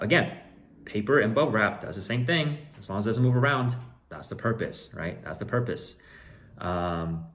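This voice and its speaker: A man's voice: deep voice, moderate pace, a bit bright. A man who runs an online card shop, telling a story in a casual vlog with exasperated, sarcastic asides.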